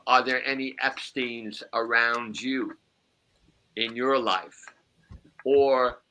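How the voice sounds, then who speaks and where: A man's voice: mid-range voice, bright, forceful tone. A man hosting a podcast as a psychic medium, chatting casually in a rambling way with chuckling asides.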